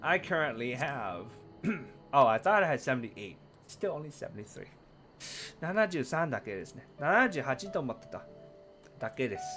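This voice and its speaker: A man streaming a video game, reacting in an excitable, playful way and chattering to himself as he plays. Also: fairly high pitch. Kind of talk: live gameplay commentary. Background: game music.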